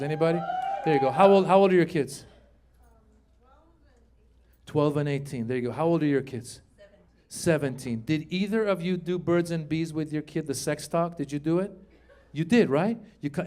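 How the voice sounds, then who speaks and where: A male stand-up comedian with a fairly high voice tells a story with lots of energy, acting out each character and talking with the crowd. The set is recorded live, with faint crowd sound behind him. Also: slight background noise. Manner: animated storytelling, acts out voices, talks to the crowd.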